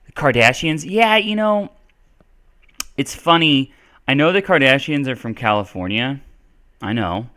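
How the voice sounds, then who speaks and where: A man's voice: lowish voice, fairly bright tone. A man from the United States teaching English in a casual live-stream Q&A, rambling and correcting himself as he talks. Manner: rambling, self-correcting, chatty.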